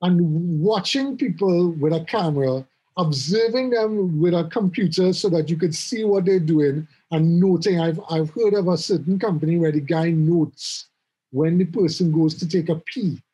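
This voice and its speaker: High, husky-voiced man telling work stories. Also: normal speed, poor audio. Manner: animated storytelling, repeats words. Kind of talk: casual conversation.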